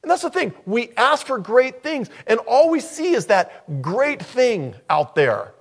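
A man's voice: extremely high pitch, sing-song, unhurried. A man preaching a sermon as a pastor, emphatic and repeating key phrases for weight.

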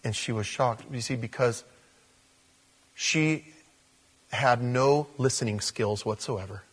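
A man preaching a sermon, telling a story that jumps between hushed asides and loud, emphatic high points. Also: slightly rough. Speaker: pastor.

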